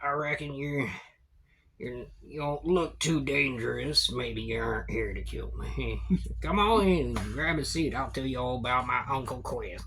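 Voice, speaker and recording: A man voicing an old, reclusive male goblin with a peg leg, in a loud, folksy drawl. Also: medium pitch, unhurried, breathy edge, rough recording. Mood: gruff.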